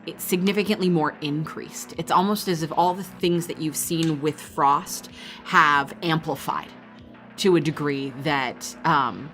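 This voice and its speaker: A woman narrating as game master, describing scenes in a measured way with frequent fillers. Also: deep voice, fairly bright tone, soft background music.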